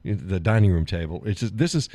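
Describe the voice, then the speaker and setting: Man, live stream host, very deep voice, lively swinging delivery, laughs a lot, blunt and animated. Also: brisk, dry recording. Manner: laughs often, animated and blunt, swears freely. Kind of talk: casual chat reading viewer comments.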